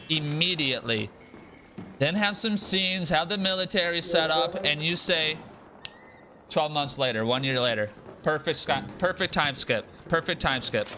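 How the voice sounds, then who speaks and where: A young man streaming a game, talking in a casual, profane, animated rant and repeating himself for emphasis. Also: on the high side, slight background noise. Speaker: gaming streamer. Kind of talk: casual live-stream rant while gaming.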